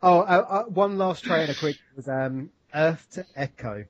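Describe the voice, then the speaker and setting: A man's voice: fairly high pitch, a little slow, lo-fi sound. A man, co-hosting a film podcast, talking casually and enthusiastically, with swearing and rambling asides. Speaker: podcast co-host. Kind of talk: casual chat.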